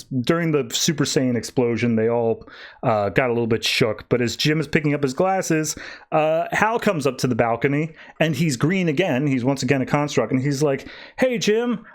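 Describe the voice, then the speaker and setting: A man hosting a podcast, casually recapping a comic issue and voicing the characters in quick, animated asides. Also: medium pitch. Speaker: podcast host.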